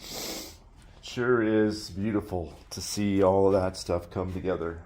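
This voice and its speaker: A man's voice: sits low, fairly even intonation, measured pace, darkish tone. A man earnestly telling his personal story in a casual, reflective way, often trailing off and restarting.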